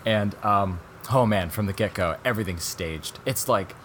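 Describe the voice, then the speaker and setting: A man with a low-pitched voice talks casually on a podcast, rambling through a documentary's story and acting out the people in it. There is a faint hum of noise behind him. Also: moderate pace. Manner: rambling, animated retelling with quoted voices and laughs. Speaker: podcast co-host. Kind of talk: casual chat reviewing documentaries.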